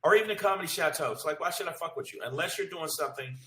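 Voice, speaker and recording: A man's voice: a little high, racing, a bit bright. A man, a comedian ranting profanely on a podcast. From Brooklyn, New York. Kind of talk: heated casual chat. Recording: echoey room, mic at a distance, faint noise.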